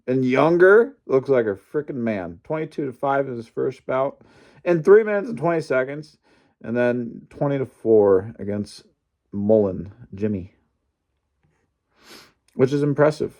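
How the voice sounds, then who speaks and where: An animated, opinionated man recapping wrestling. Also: mid-range voice, measured pace. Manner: animated, opinionated, mildly profane. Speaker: wrestling fan commentator. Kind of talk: casual recap vlog.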